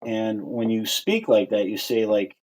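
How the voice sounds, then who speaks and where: A man's voice: steady tone, a little slow, a little mellow, a little hiss or hum. A man hosting a livestream, talking in a rambling, casual way, with many "right?" and "you know" fillers. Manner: rises in pitch and volume on quoted lines. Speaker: livestream host.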